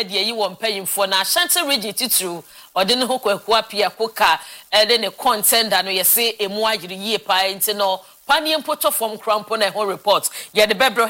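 A woman with a Ghanaian accent hosting a talk show and reading a news roundup, brisk and switching between languages. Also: mid-range voice, sharp tone. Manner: brisk, mixing Twi and English. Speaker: host.

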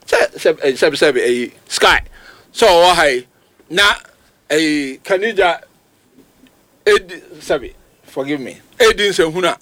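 A man with a Ghanaian accent giving emphatic, animated football commentary on a talk show, his voice jumping high at points of emphasis. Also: a little slow, pauses often, no room sound. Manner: emphatic, animated, rising to sudden high outbursts. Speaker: football pundit. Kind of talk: radio sports talk, mixing Twi and English.

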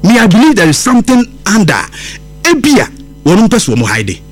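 A man's voice: high-pitched, huge pitch swings, moderate pace, soft background music. A man with a Ghanaian accent hosting a radio show, giving an impassioned commentary that switches between English and Twi.

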